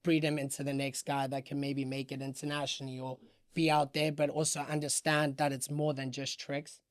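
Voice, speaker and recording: A man from South Africa with a light Johannesburg accent, chatting casually as a podcast guest, slangy and relaxed. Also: mid-range voice, fairly quick, dry recording, studio quality. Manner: laid-back, slangy, says "bro" and "quite frankly" a lot. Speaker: guest skateboarder.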